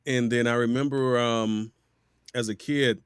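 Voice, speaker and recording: His medium-pitched voice is clear and resonant, and he takes his time. He's a middle-aged voice actor from Miami, USA, appearing as a guest in a casual interview, telling lively stories and mimicking the voices of those he quotes, captured in clean studio sound without echo.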